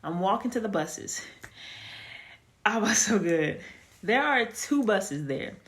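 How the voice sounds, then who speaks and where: A woman giving a casual spoken testimony, telling her story in a chatty, animated way with lots of fillers. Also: mid-range voice, takes it slowly. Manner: animated storytelling, acts out quoted dialogue; chatty with frequent fillers and restarts. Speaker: testimony speaker.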